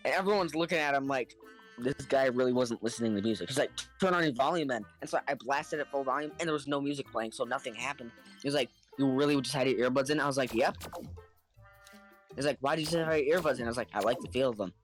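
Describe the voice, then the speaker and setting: A man telling a story in casual podcast chat, animated and acting out the people in it, laughing now and then. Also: mid-range voice, quick pace, soft background music. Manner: animated, acts out the other people in his story; laughs between lines.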